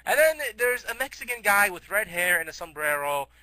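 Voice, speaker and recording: A man's voice: high-pitched, big pitch swings, a little fast, pushed and bright, no room sound, rough recording. Giggly teenage boy rambling a silly story. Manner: giggly, rambling, restarts often.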